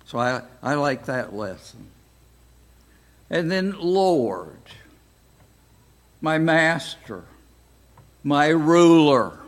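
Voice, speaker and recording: An older American man teaching a Bible study class, speaking slowly and deliberately with frequent pauses. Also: fairly high pitch. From United States. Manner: slow, deliberate, pausing often.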